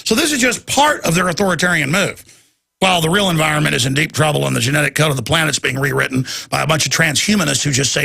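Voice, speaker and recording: Gravelly, forceful talk radio host. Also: male voice, fairly high pitch, fast. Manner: heated, ranting, mocking asides. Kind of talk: ranting monologue.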